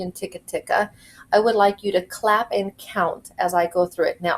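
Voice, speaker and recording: A woman music teacher in her kitchen, giving slow, clear, encouraging instructions to young children in a home video lesson. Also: medium pitch, poor audio.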